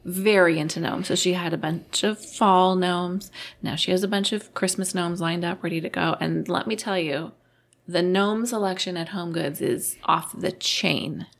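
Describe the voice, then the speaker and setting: Animated storytelling woman. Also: fairly low pitch, normal speed, creaky. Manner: animated storytelling, acts out quoted voices. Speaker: podcast co-host. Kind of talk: casual chat.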